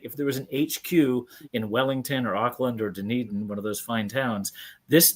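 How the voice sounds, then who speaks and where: A man's voice: mid-range voice, husky. A man hosting a sports podcast, joking and rambling with many restarts. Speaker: podcast host. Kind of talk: casual sports chat.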